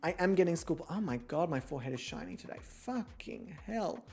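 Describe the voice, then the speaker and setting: A man's voice: fairly high pitch, fast talker, darkish tone. A young man hosting a model-show game, chatting casually in a campy, self-mocking way and swearing often. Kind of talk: casual gameplay commentary.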